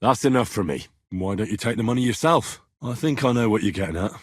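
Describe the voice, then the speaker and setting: Hot-tempered young medieval blacksmith's son for a game; husky, dry studio read. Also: male voice, on the low side, animated, quick pace, no echo. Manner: swears in anger, blunt and wry. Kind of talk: video game voice lines.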